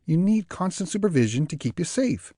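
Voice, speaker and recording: A man's voice: high-pitched, very animated, warm tone, no room sound, studio quality, voice pushed up. A man voicing a weary but patient adult daughter, speaking firmly and reassuringly. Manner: firm, reassuring, slow.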